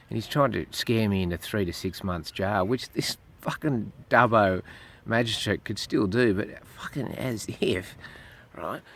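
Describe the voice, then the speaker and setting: A man's voice: lowish voice, moderate pace, a bit bright. An Australian man ranting profanely and indignantly to camera as a vlogger. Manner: indignant, swears heavily.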